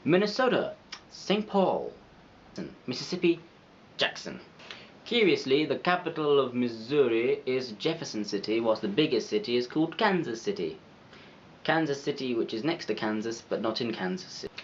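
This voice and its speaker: Playful man with a lively voice. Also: medium pitch, moderate pace, highs cut off, slight background noise. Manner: playful, chatty, self-mocking. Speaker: video creator. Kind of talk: scripted educational narration.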